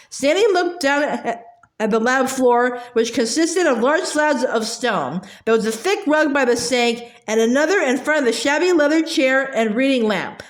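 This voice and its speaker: A woman reading a novel aloud, halting often with fillers and restarts. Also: sits high, animated, reverberant. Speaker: audiobook reader.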